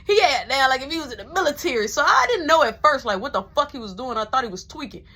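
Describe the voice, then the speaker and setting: Young adult woman, husky tone, casual cursing storyteller who whispers her quotes. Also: sits high, expressive, fast, sharp tone. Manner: profane, slangy, drops into whispers when quoting people.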